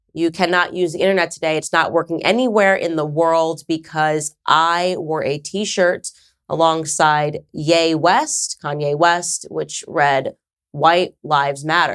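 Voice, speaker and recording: A woman's voice: sits low, fairly even intonation, a little slow, clear, resonant tone. A woman in her thirties from the United States hosting her own show, talking in an emphatic, conversational way with sarcastic asides. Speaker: podcast host. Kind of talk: casual commentary to camera.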